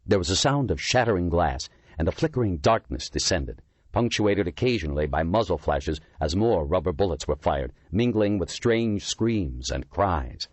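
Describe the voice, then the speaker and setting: A male narrator with a very deep, husky voice reads a thriller audiobook with an animated, rising and falling delivery. The recording is close and completely dry. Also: normal speed, dry recording. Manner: dramatic storytelling.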